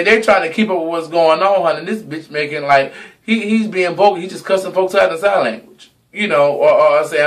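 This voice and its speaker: A young man with a high voice delivers a sassy, dramatic rant to his viewers. He swears freely and draws words out slowly for emphasis. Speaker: vlogger. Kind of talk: casual gossip monologue.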